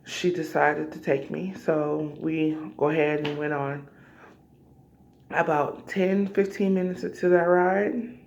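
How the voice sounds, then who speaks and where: A woman's voice: deep voice, steady tone, slow pace, creaky, darkish tone. A woman vlogger telling a personal story casually to her viewers, acting out scenes with cries and asides. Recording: slightly dull lo-fi audio.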